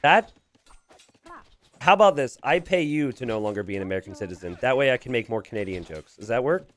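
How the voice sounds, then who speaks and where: A man casting a strategy game, joking with his co-caster and laughing often. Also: mid-range voice. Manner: animated, joking, quick to laugh. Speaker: esports caster. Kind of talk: live game commentary with banter.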